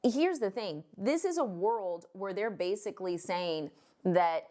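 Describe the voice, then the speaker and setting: A woman's voice: mid-range voice, expressive, moderate pace, darkish tone. A woman loan officer ranting to camera in a vlog, blunt and fired up, swearing now and then.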